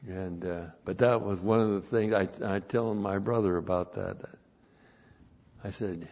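A man's voice: sits low, fairly even intonation, a little slow, darkish tone. A man preaching a sermon with Bible teaching, repeating phrases for emphasis and spelling out words letter by letter. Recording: dull lo-fi recording.

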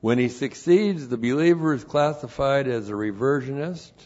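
A man's voice: medium pitch, moderate pace, a little mellow. A man teaching the Bible verse by verse, working through numbered points and repeating each one twice. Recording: dull lo-fi recording.

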